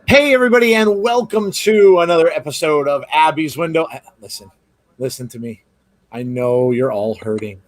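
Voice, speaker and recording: A man's voice: fairly high pitch, lively intonation, normal speed, dry recording. A man hosting a live podcast, chatting casually and rambling through greetings to viewers. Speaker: podcast host. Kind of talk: casual live-stream chat.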